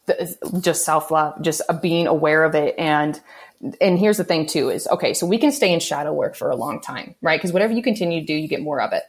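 Woman, low voice, spiritual healer guest, earnest and instructive, conversational interview. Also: brisk. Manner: earnest teaching tone, often checks in with "okay" and "right?".

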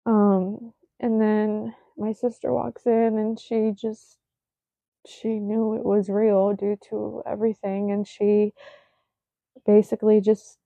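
A young woman telling viewers a painful personal story, halting and full of fillers, often dropping almost to a whisper. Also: mid-range voice, vocal fry, no room sound. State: shaken, emotional. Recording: dry, phone-like narrow sound.

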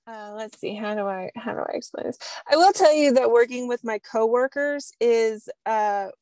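A woman talking as a guest in a relaxed interview, unhurried and drawn out in her delivery. She tells her stories with energy and laughs often. The sound is close and dry, with no room around it. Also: a little high, no room sound. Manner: lively storyteller, laughs often. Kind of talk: casual interview conversation.

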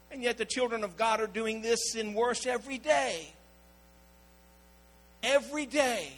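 High, bright-voiced preacher man. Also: moderate pace, long pauses, poor audio. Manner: storytelling preacher, acting out quoted voices. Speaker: pastor. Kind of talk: sermon.

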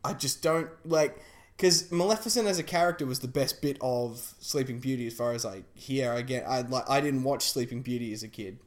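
A man's voice: mid-range voice, a little fast. A man chatting casually about film trailers, rambling with lots of fillers and restarts.

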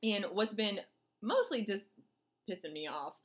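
A woman's voice: medium pitch, expressive, unhurried. A woman hosts a casual podcast in a mid-range voice. She is blunt and sassy and speaks straight to her listeners, with plenty of little fillers along the way. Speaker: podcast host.

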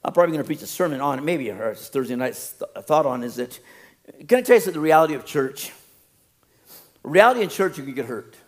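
A man's voice: on the high side, animated, fast. A man preaching a sermon as a pastor, telling stories with laughter and acting out other people's voices.

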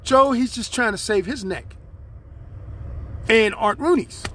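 High-voiced man ranting on his podcast. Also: measured pace, bright, forceful tone. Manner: rambling, aggrieved, talks straight at listeners. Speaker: podcast host. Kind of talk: solo podcast monologue.

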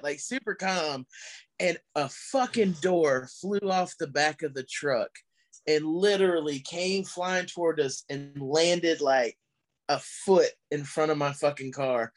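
A male comedian guest telling an animated story in casual chat, swearing freely. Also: fairly high pitch.

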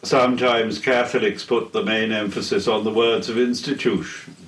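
An older man giving a theology lecture in a deliberate, solemn way, pausing between phrases. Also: lowish voice, steady tone, fairly bright tone. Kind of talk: slow measured theology lecture. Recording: echoey room, heard from a distance.

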